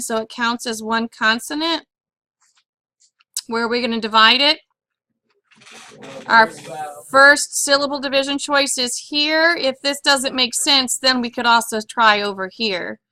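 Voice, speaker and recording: A woman's voice: high-pitched, unhurried, bright, forceful tone, no echo. A woman teaching a phonics lesson on syllables and accents, patiently asking questions and repeating each word for her pupils.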